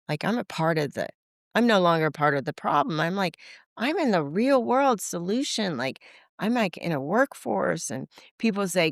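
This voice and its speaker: This podcast guest, a woman in her sixties, has a lowish, creaky voice and speaks at a moderate pace. Animated and casual, she acts out conversations in different voices and says "like" frequently. Clean studio sound, no echo.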